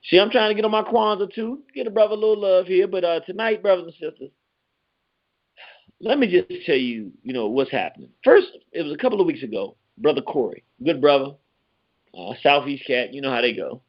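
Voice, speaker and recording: An excitable radio show host from Southeast Washington, D.C., delivers an animated storytelling monologue on lo-fi radio at a fairly quick pace. His pitch leaps up as he tells the story, and he uses streetwise slang, repeating words while searching for the next.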